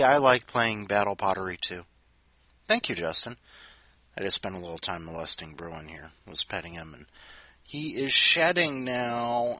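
A man hosting a podcast in a casual chat, talking softly to his cats between segments. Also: mid-range voice, dry recording. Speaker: podcast host.

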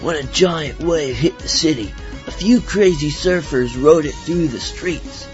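A man's voice: on the high side, a little slow, lo-fi sound, faint music behind. A man reading his own short story aloud in a laid-back surfer voice. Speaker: story contributor.

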